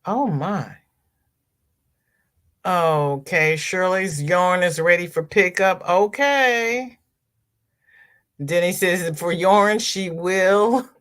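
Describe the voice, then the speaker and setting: A woman's voice: on the low side, extremely slow, pauses often, fairly bright tone. A woman hosting a crochet livestream, chatting casually as she reads viewer comments aloud and answers them.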